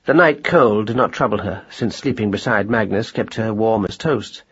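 Husky guy reading a storybook, measured and wry, lo-fi sound. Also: on the low side. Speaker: narrator. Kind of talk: audiobook narration.

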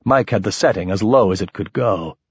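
A man narrating a first-person story in an expressive, lively manner. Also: on the low side, brisk, slightly rough, no echo, lo-fi sound. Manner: expressive, shifting voices for characters. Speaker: audiobook narrator.

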